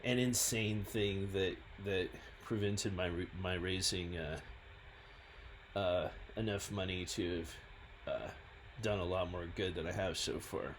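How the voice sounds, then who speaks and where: A man, a scientist and founder, talking through his own website in a halting, self-deprecating way. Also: low-pitched, steady tone, a little hiss or hum. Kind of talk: reading and commenting on his website.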